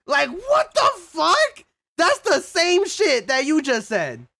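A young man of Mexican heritage chatting profanely with his livestream viewers, excitable and prone to sudden shouts and laughter. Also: extremely high pitch, takes it slowly. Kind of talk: casual livestream chat with viewers.

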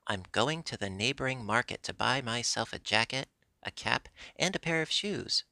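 A man voicing an earnest wooden puppet boy in a storybook reading, pleading and excitable. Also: mid-range voice, normal speed, creaky, dry recording, heavily acted. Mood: cheerful.

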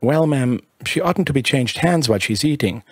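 A prim, possessive older nanny in a storybook reading, put on by a man. She keeps her voice low and hushed and tuts her disapproval. The tone is husky and the recording dry and close. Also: animated, normal speed, dry recording. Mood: reproving.

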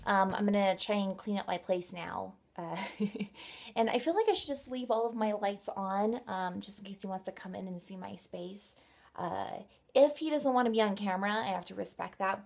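A woman's voice: medium pitch, gravelly, a little mellow. A young woman chatting casually in her home vlog, giggly and full of "like" and "um". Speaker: beauty vlogger.

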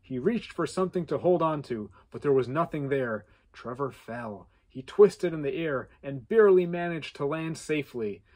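A man reading a contest story aloud with animated delivery and playful asides. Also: a little high, normal speed, hardly any pauses. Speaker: contest entry reader.

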